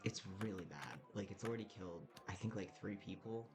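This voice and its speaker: A man voicing a chatty, fretful androgynous tiefling drow bartender who talks fast and breezily, in a tabletop game. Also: low-pitched, music in the background, lightly acted. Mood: worried. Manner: quick, gossipy, breezy complaining.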